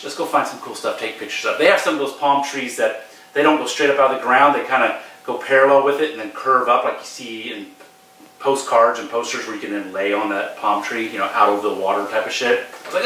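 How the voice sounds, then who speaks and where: A man's voice: medium pitch, quick pace, a little hiss or hum. Profane storytelling man in an echoey room. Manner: profane, animated, emphatic storytelling. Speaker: podcast host telling a personal story. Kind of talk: casual storytelling. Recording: very echoey room, distant mic.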